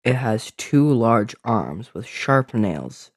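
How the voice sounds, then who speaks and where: A man's voice: mid-range voice, sing-song, takes it slowly, husky, no echo, studio quality. A man narrating a fantasy adventure story, describing scenes with small slips.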